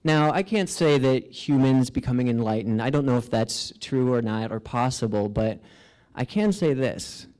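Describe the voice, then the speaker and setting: A man's voice: medium pitch, animated, normal speed, darkish tone, low-quality recording. A man performing an earnest first-person storytelling monologue with a sense of wonder. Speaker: spoken-word performer.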